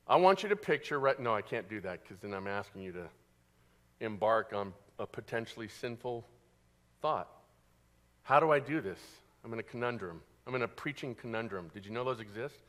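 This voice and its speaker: A male pastor preaching a sermon, animated, asking the congregation questions and answering them himself. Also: fairly low pitch, brisk.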